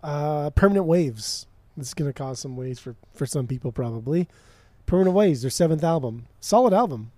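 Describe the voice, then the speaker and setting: Podcast guy ranting about albums, mellow warm voice, dry close sound. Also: a little high, animated, moderate pace, no room sound. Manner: blunt, profane, emphatic. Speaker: podcast co-host. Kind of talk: casual chat.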